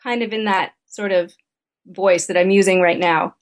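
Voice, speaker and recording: A woman's voice: medium pitch, fairly even intonation, moderate pace. A middle-aged woman, a therapist and author, candidly telling a personal story as a guest in an interview. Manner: candid, conversational anecdote telling.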